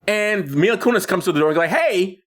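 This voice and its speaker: A man co-hosting a podcast, retelling a film in casual chat with lots of restarts and laughs. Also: sits high. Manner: animated, halting retelling with many restarts and laughs. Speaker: podcast co-host.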